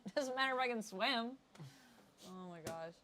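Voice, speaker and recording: A woman's voice: a little high, expressive, normal speed, bright, forceful tone. Chatty woman host. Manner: chatty, laughs often. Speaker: podcast host. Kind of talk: casual chat.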